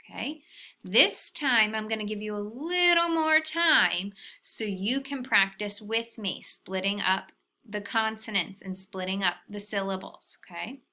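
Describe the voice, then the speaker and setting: A woman teacher walking young children through a phonics lesson, patient and deliberate, checking in often with a soft "okay?". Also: medium pitch.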